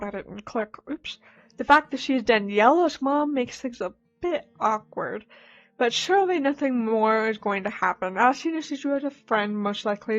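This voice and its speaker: Wry woman streamer narrating a game. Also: a little high. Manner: wry, laughing asides between narration. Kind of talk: reading a dating game aloud with asides. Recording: slightly dull mic, soft game music.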